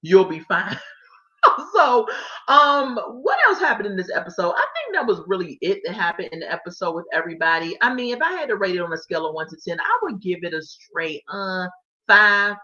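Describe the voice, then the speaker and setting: A sassy, animated woman chatting through a reality TV recap. Her voice sits at a middle pitch and the sound is a bit dull and lo-fi. She jumps into quoted voices as she tells the story. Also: a little fast. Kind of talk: casual recap chat.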